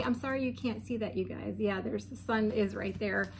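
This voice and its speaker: A woman's voice: medium pitch, normal speed, vocal fry, noisy background. A woman talking casually to camera from her home, chatty and gushing, with frequent ums and light laughs. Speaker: crochet vlogger. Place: home room with setting sun through the window.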